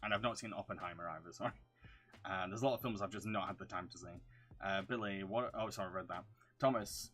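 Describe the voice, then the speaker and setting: A man with a fairly low voice speaks in an unusual blend of London and Yorkshire accents. He answers questions from his livestream chat in a casual way, with crisp, over-enunciated words. Faint music plays quietly under his voice. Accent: mixed London and Yorkshire English. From England. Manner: reads viewer questions aloud, hums to himself while scrolling.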